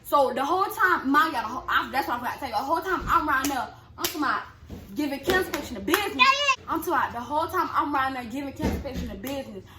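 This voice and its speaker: A young woman telling a story in casual chat, animated, acting out quotes in a high yelling voice. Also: very fast. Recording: echoey room with clear background noise.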